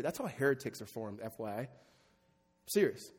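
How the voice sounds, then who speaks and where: A man's voice: mid-range voice, big pitch swings, moderate pace, darkish tone, slightly rough. A middle-aged man preaching a sermon as pastor, conversational and joking with his congregation. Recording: long reverb of a large hall.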